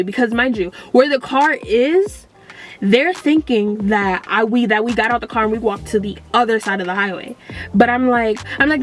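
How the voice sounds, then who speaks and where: A woman's voice: mid-range voice, normal speed, faint music behind. Rambling young woman telling a story. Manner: rambling, animated, many fillers. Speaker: vlogger. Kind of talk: storytime vlog.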